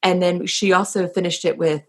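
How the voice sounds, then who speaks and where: A woman hosting a yoga podcast, telling a story in an animated way with frequent laughter. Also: on the low side, normal speed. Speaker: podcast host. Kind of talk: conversational podcast interview.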